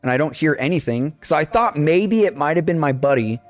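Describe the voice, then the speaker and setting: Young guy telling a story on a podcast, talks kinda high, swears a ton, faint music behind. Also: brisk. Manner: swears freely, animated retelling with quoted dialogue. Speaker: podcast co-host. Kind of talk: casual storytelling chat.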